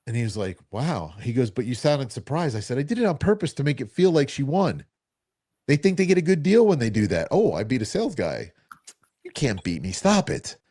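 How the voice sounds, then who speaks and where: Male co-host, mid-pitch, animated storyteller who voices the people in his anecdotes. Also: fairly quick. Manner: animated, acts out quoted dialogue. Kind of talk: casual storytelling chat.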